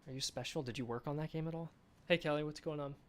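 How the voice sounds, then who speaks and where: A man's voice: on the high side, steady tone, fast talker, slight background noise. A man hosting a game developer live stream in a casual chat, reading viewer comments aloud and answering them with enthusiasm. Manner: enthusiastic, chatty.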